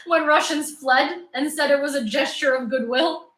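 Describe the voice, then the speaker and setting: A woman gives a casual news rundown in a slightly high voice, blunt and sarcastic, breaking into laughter. The room around her is noticeably echoey. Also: normal speed, fairly bright tone. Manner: opinionated, sarcastic, laughs often. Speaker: news summary host. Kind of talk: casual live news commentary.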